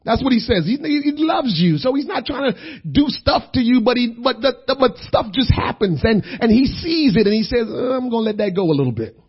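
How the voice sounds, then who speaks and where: A man preaching a sermon who tells a story, going from quiet talk to shouting. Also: very high-pitched, lively intonation, normal speed, hardly any pauses, breathy edge, muffled recording.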